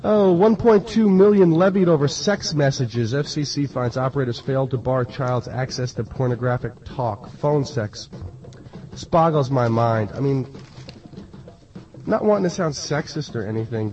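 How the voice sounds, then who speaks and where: A man's voice: mid-range voice, moderate pace, a little mellow. A man working as a radio DJ, reading news and announcements with sardonic, rambling asides and filler words. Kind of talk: casual radio patter. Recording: distant, dull lo-fi radio recording.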